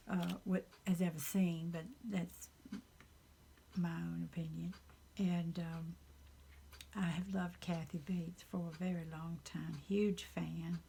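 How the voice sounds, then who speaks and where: A woman from the Southern United States with a Southern accent, chatting casually in a soft, half-whispered, rambling and earnest way in her home craft room. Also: fairly low pitch, creaky, slight background noise. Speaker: craft channel host. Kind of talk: casual chat.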